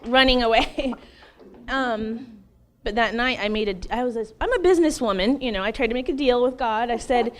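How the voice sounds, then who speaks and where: A middle-aged woman in an interview, telling her personal testimony in an emotional, animated way, laughing often and acting out what she once said. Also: a little high, normal speed. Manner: animated, laughs often, acts out her own past words.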